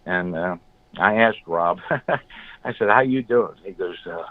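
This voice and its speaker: A man guest in an interview, telling blunt, animated stories and acting out what others said. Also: low voice, slow pace, pauses often, dry recording. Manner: blunt, animated storyteller, acts out quotes. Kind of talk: storytelling in an interview. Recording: phone-like, dry call audio.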